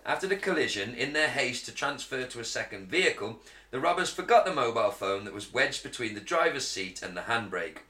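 A man co-hosting a podcast, talking in an excitable, animated way with constant swearing. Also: mid-range voice, a little fast, few pauses. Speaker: podcast co-host. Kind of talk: casual chat. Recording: roomy echo.

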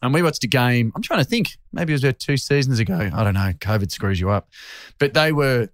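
An Australian man chatting on a podcast as a comedian guest, telling stories with lively acted-out quotes and quick laughs. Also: medium pitch, dry recording, studio quality. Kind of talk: casual podcast chat.

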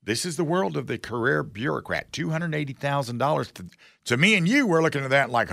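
A man's voice: mid-range voice, expressive, brisk, vocal fry, bright, forceful tone, dry recording, studio quality. A man hosting a talk show, giving casual political commentary in a sarcastic, folksy, mocking way.

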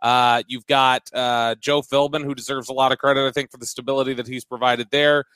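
A man's voice: mid-range voice, level tone, a little fast, fairly bright tone, clean tone, dry recording. A man hosting a casual sports talk show, conversational and steering the segment, with frequent stammered restarts. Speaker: host.

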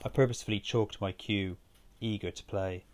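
A man reading a first-person story aloud in a steady, measured way. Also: fairly low pitch. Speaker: narrator.

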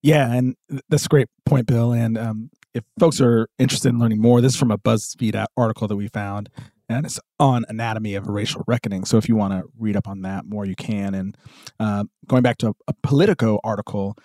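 A man's voice: on the low side, fairly even intonation, brisk, warm tone, no room sound, clean studio sound. Southern man reading articles aloud on a podcast. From American South. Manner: reads quotes aloud from articles, many fillers. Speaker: podcast co-host. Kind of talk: casual discussion podcast.

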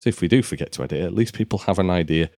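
A man's voice: deep voice, racing, a little mellow, dry recording, studio quality. A man co-hosting a casual podcast over a voice call, wry and teasing, laughing at his own jokes. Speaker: podcast co-host. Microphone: online voice call.

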